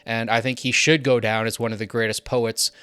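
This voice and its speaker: A young man talks through his album rankings in an eager, chatty way, often stopping for "um" and "uh". His voice sits at a middling pitch. The recording is close and dry, with no room sound. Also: flat delivery, brisk, pushed and bright, clear, resonant tone, dry recording. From not English. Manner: enthusiastic, conversational with frequent fillers. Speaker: music reviewer.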